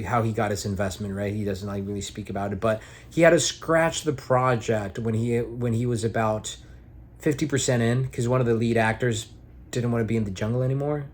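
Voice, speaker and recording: A man's voice: mid-range voice, fairly quick. A young man talking at home in a casual, reflective vlog monologue, rambling and earnest with some casual swearing. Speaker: vlogger and aspiring actor.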